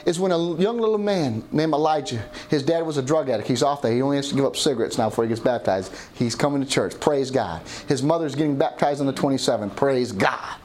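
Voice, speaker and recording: A man's voice: medium pitch, quick pace, hardly any pauses, a little mellow, slight background noise. A middle-aged man preaching a sermon as pastor, often calling out "Amen?" to the congregation. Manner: call-and-response preaching, asking "Amen?".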